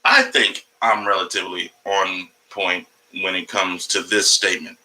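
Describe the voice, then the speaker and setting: Forceful, profane man livestreaming. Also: low-pitched, steady tone, normal speed, low-quality recording. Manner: profane, rambling, jumps between topics; talks to his cat mid-stream. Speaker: comedian livestreaming. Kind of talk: casual livestream monologue.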